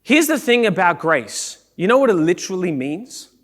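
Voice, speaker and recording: A male pastor preaching a sermon in a church, animated, acting out the people he quotes and rising to shouts. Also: high-pitched, moderate pace. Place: church sanctuary.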